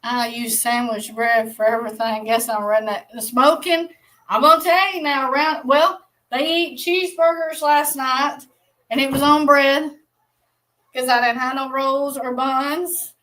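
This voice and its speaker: A woman's voice: sits high, fairly even intonation, a little slow, pushed and bright, poor audio. A woman with a Southern Alabama accent, co-hosting a live stream in casual chat and reading out viewer comments. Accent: Southern American, Alabama. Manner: folksy drawl, reads out chat comments.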